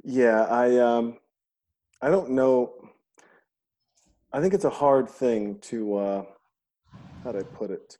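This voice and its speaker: A middle-aged man hosts a podcast in loose, casual chat, a warm and mellow voice at an ordinary pitch. He rambles, jokes and swears freely, slipping into quick acted-out quotes. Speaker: podcast host.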